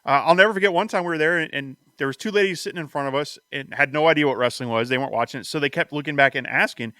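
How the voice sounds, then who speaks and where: A middle-aged man from Mexico, chatting with bright, forceful energy and a quick pace. His voice sits a little high and is recorded dry and close, and he tells his stories with excitement. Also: no room sound. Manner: excited, animated storytelling. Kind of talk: casual chat.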